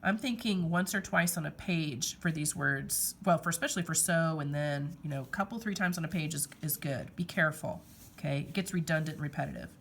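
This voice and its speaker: A woman's voice: low-pitched, expressive, brisk, vocal fry, fairly bright tone, slight background noise. A woman teacher explaining how to revise a paper, direct and emphatic, often checking in with "okay". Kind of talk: classroom writing lesson.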